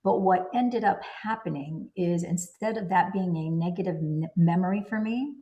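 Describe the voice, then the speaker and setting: A woman's voice: lowish voice, moderate pace, dark tone, dull audio. A woman host reading aloud from a book and then sharing her own experiences, talking in an earnest, emphatic way and piling up lists of words. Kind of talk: reading aloud and personal commentary.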